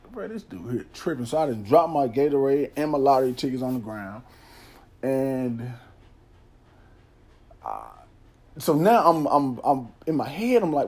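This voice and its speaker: A man's voice: on the high side, dark tone, slightly rough. A man telling a personal story on his podcast, candid and swearing freely, often repeating himself. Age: adult, father of a son. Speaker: podcast host. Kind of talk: casual storytelling. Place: Nashville area.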